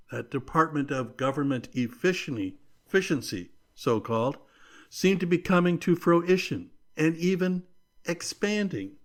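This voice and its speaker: A man hosts a leadership podcast in a slow, carefully paced delivery. His voice sits a little high for a man, and he leans hard on key words and lets them hang between pauses. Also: a bit bright. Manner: slow, deliberate, emphatic with measured pauses. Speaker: podcast host. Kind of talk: scripted leadership commentary.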